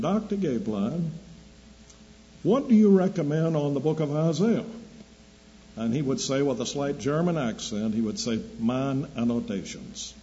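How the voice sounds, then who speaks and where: Slow older male preacher, lo-fi tape. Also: mid-range voice, dark tone. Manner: slow deliberate storytelling, dry humor. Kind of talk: sermon with anecdotes. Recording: dull lo-fi recording with faint hum.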